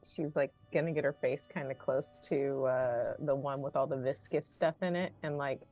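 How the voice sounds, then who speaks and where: A woman with a very low voice describes her character's actions, halting and full of fillers. Faint music plays behind her. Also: steady tone, a little mellow. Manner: casual, halting, many fillers. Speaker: player.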